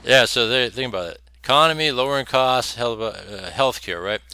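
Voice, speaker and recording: A man's voice: mid-range voice, expressive, a little fast, pushed and bright, clean tone. A man hosting a commentary show, talking bluntly and profanely with scornful laughs between points. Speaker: host. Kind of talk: opinionated commentary over clips.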